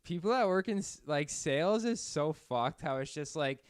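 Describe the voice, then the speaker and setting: A man's voice: on the high side, lively intonation, moderate pace, smooth, dry recording, clean studio sound. A young man co-hosting a comedy podcast, rambling and self-mocking with crude jokes. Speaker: podcast co-host. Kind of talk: casual comedy podcast chat.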